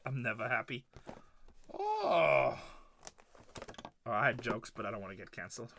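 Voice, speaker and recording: A man's voice: medium pitch, wildly swooping pitch, normal speed, creaky, noisy background. A middle-aged man hosting a live card-breaking stream, joking and trash-talking with viewers by name. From Texas. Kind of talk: live stream casual chat while opening cards.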